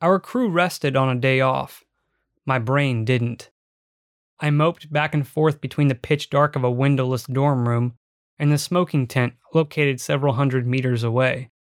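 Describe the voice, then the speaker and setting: A man giving measured, reflective first-person audiobook narration. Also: medium pitch, dry recording, clean studio sound.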